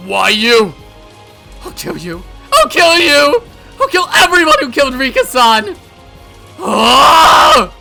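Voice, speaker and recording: A man's voice: very high voice, sing-song, normal speed, gravelly, hardly any pauses, faint music behind, voice pushed up, heavily acted. A man voicing a grief-stricken teenage girl in a murderous rage, screaming threats through sobs. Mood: frantic screaming. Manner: shrieking, sobbing, screamed threats. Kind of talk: visual novel voice acting.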